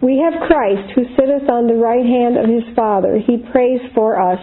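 A woman's voice: a little high, normal speed, natural voice. A woman reading the part of a condemned woman of faith, firm and solemn, in a dramatic reading of a historical account. The audio is tinny and phone-like with faint noise. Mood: steadfast. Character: steadfast condemned woman of faith, calm and defiant.

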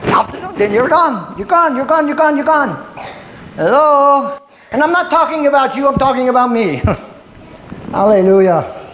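A man's voice: very high-pitched, expressive, moderate pace, long pauses, fairly bright tone. A man preaching a sermon, telling homespun stories and calling out "Hallelujah" and "Hello?" to his congregation, chuckling between lines. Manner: folksy storytelling with frequent "Hello?" and "Hallelujah" call-outs and chuckles. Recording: echoey hall with long reverb and faint room noise.

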